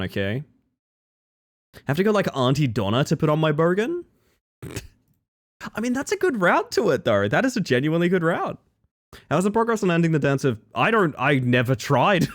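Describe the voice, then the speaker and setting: A man from Western Australia chatting casually on a livestream at his desk mic, rambling and laughing often. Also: medium pitch. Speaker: streamer.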